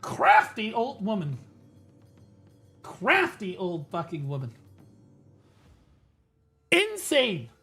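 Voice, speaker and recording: A man's voice: sits high, huge pitch swings, drawn-out words, pauses often, bright, forceful tone, breathy edge, soft background music. A young man streaming, telling a story to his viewers in a casual, profane way full of fillers.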